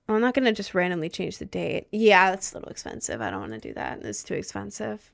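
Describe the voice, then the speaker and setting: A woman's voice: on the low side, big pitch swings, fast talker, creaky, few pauses. A young woman hosting a casual livestream, answering her chat in a rambling, giggly way and often repeating herself. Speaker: livestream host reading chat.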